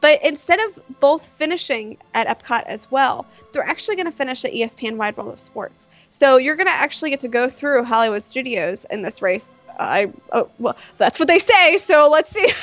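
A woman co-hosting a podcast in casual chat, chatty and quick to react. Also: high-pitched, fairly bright tone. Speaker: podcast co-host.

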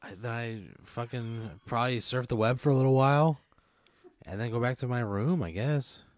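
In improvised comedic banter, a young podcast co-host answers a hypothetical, playing along with mock despair and nonstop swearing. He talks at a moderate pace in a mid-range voice. The audio is studio quality, free of echo.

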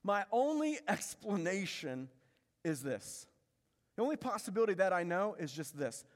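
Pastor preaching in a reverberant hall. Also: male voice, sits high, very animated, normal speed. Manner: emphatic, repeats phrases, asks rhetorical questions. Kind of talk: sermon. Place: church sanctuary. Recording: long reverb of a large hall.

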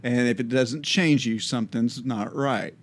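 Man, podcast co-host, casual theology chat, quick talker who laughs a lot, mid-range voice. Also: medium pitch. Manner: quick, laughs often, loose restarts.

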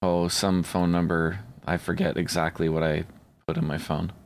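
A man's voice: deep voice, flat delivery, moderate pace. A man co-hosting a casual prank-call podcast, joking and rambling. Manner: joking, rambling, puts on silly voices. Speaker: podcast co-host.

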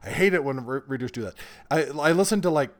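A man in his forties, an author talking as a guest in a casual interview, animated and quick to laugh. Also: on the high side. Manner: animated storyteller, bursts of laughter.

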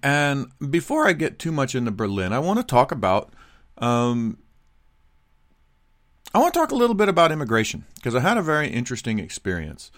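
A middle-aged man tells a casual travel story, rambling and animated, doubling back on his words. His voice rises and falls a great deal. The sound is dry, with no room echo. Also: medium pitch, fairly quick. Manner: animated, rambling with many restarts and asides.

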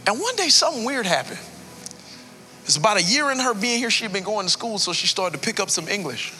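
Man, pastor, sermon, heartfelt storytelling, soft music underneath. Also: sits high, big pitch swings, fast. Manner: emotional storytelling, builds to preaching cadence.

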